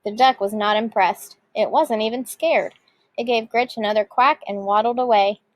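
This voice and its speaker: A woman teacher reading a picture book aloud with lively expression. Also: fairly high pitch, moderate pace, rough recording.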